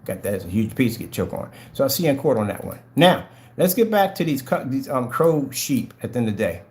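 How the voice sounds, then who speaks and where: On a livestream, a channel host rants a little fast, taunting viewers and hammering them with the same questions repeatedly. His pitch swings widely, dropping to low mutters and rising to high, pointed jabs.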